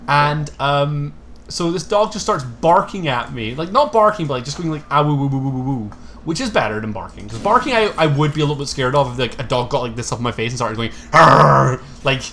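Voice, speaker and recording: A man's voice: fairly high pitch, lively intonation, quick pace, a bit bright, a little hiss or hum. A man streaming a game, chatting casually and telling a rambling, self-deprecating story. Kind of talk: casual chat while gaming.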